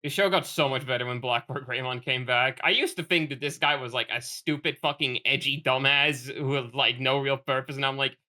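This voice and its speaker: Bright-voiced co-host with blunt, profane asides. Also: medium pitch, fairly even intonation, a little fast, few pauses. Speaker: podcast co-host. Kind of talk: casual chat.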